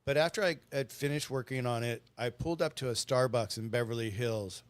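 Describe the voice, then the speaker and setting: A man's voice: medium pitch, fairly quick, no echo. A middle-aged man chatting as a guest, telling stories in an earnest, rambling way. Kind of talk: casual storytelling chat.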